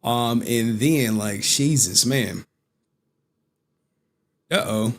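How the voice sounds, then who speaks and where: A man's voice: medium pitch, drawn-out words. A man hosting a stream, giving casual, rambling commentary and repeatedly breaking into giggles. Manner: giggly, breaks into frequent laughter; loose, rambling, repeats himself. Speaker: streamer host.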